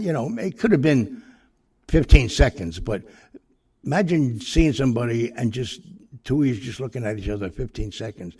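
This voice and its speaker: An older man with a lowish, gravelly, slightly mellow voice and a breathy edge tells a casual anecdote. The story is rambling and profane, full of fillers and restarts.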